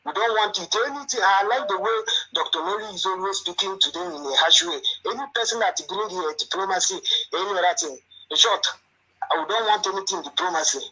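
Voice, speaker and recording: A man's voice: high voice, fairly quick, pushed and bright, husky, low-quality recording. A man calling in to a talk show, speaking with impassioned, repetitive emotion. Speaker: caller. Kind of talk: phone-in call.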